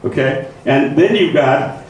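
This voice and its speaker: A man's voice: on the high side, slow. A man presenting a writing workshop in a conversational lecture style, often checking in with his listeners. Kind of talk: informal lecture to a writing group. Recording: echoey room, faint noise, mic far off.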